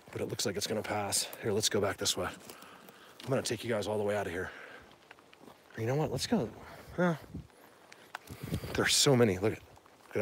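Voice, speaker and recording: A man's voice: medium pitch, a little hiss or hum. Rambling man livestreaming on a walk. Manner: rambling, excitable, addresses viewers. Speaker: livestream host. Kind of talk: casual livestream chat. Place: outdoors in woods during rain. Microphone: handheld phone.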